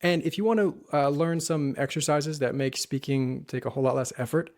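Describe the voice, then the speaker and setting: A man teaching Spanish pronunciation in an online lesson, saying each word slowly and carefully to show how it should sound. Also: fairly high pitch, darkish tone. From United States. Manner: clear, careful modeling of words.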